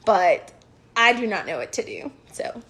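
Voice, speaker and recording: A woman's voice: mid-range voice, very animated, measured pace, fairly bright tone. A young woman rambling frankly to her viewers in a casual, self-mocking confessional rant. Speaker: vlogger.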